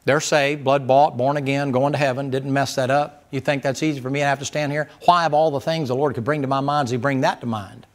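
A man's voice: medium pitch, steady tone, quick pace, hardly any pauses. A man preaching a sermon as pastor, folksy and emphatic, firing rhetorical questions at the congregation.

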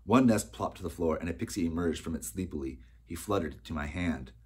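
A man narrating an audiobook in a steady storytelling manner. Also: sits low, fairly quick. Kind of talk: scripted narration.

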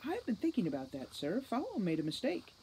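A woman's voice: medium pitch, wildly swooping pitch, fairly quick, a little mellow, a little hiss or hum, voice pushed up, low-quality recording. A woman voicing a determined young female elf police captain who pleads and argues earnestly.

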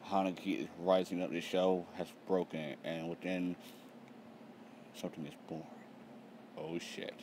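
Young male vlogger, deep-voiced, tired, casual and profane, reacting live over faint background noise. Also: a little slow, pauses often. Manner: profane, excitable, reads panels aloud. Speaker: manga reaction channel host.

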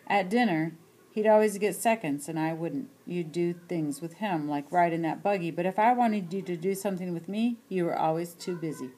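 A woman voicing a grown son, bitter and hurt, speaking in a measured, formal and aggrieved way. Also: on the low side, dark tone, close to an everyday voice.

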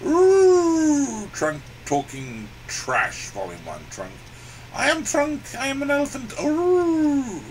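A man's voice: very high-pitched, huge pitch swings, takes it slowly, a little hiss or hum, heavily acted, low-quality recording. A man voicing a crude, boastful, grumpy male elephant puppet that cries "ooh" and rants with profanity. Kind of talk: puppet comedy sketch.

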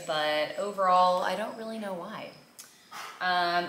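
Bright-voiced chatty young woman. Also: fairly low pitch, slight background noise. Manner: chatty, rambling, lots of fillers. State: tired and subdued. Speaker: mom vlogger. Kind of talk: casual chat while folding laundry. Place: home room. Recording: echoey room.

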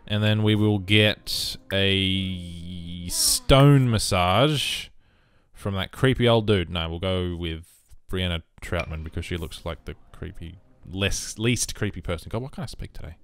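A man casually commenting on his life-simulation game, rambling and breaking into sudden excited outbursts. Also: sits low, unhurried, clear, resonant tone. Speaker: let's play host.

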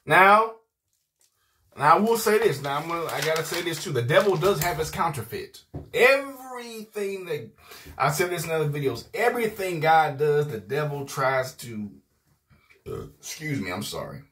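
His pitch swings widely and his tone is sharp as this man preaches at a moderate pace in a casual video sermon. Rowdy and emphatic, with a voice a little high for a man, he keeps circling back to "man" and to assurances that he means it.

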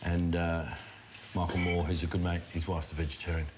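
Chatty Australian chef with a low voice. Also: male voice, level tone, fairly quick. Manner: chatty, laughs often, rambling storyteller. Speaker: chef and host. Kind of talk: casual chat while cooking. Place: home kitchen. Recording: live stream with clear background noise.

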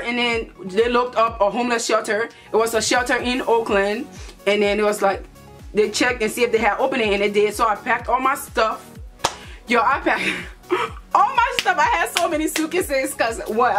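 A young woman from Liberia telling a lively storytime vlog, acting out her relatives' voices. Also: fairly high pitch, normal speed, soft background music. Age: young adult. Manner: animated, playful storytelling with put-on voices for relatives. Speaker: vlogger.

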